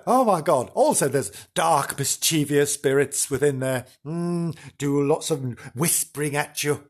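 A man presenting in a theatrical, camp way, telling spooky stories with gasps and playful asides. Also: medium pitch. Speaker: radio-style presenter. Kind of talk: comic spooky storytelling.

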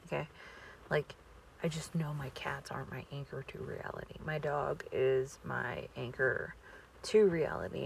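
A woman podcaster telling a rambling casual story, often slipping into breathy near-whispers. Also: sits low, normal speed, slight background noise.

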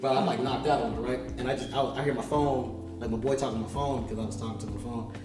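Animated man telling a story, echoey room. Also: medium pitch, fast talker. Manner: animated, laughing, slangy storytelling. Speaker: musician guest. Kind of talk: casual storytelling. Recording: echoey room, distant mic, music behind.

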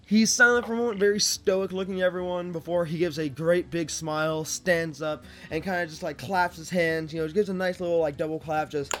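A man narrating as dungeon master of a tabletop game, halting with many fillers. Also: fairly high pitch, fairly even intonation, soft background music.

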